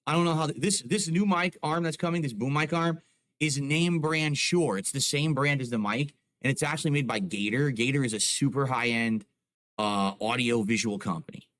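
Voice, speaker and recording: Guy streaming from home, just chatting and explaining stuff into a close desk mic, mid pitch. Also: normal speed, a bit bright. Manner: explaining, chatty, fillers like "like" and "you know". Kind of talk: casual talk to a live chat. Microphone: close desk microphone on a boom arm.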